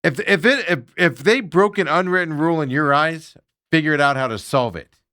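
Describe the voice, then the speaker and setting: Middle-aged male sports host, opinionated and animated, fairly high bright voice, dry close sound. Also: brisk, no echo. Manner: animated ranting, mocking impressions of players. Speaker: sports talk show host.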